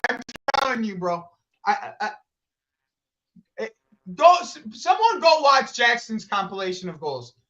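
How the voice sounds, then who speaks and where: High-voiced guy, bright and sharp, ranting and cursing about football on a slightly lo-fi stream. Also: unhurried, pauses often. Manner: animated, swears a lot, rants. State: agitated, rattled. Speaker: podcast co-host. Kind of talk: casual football chat.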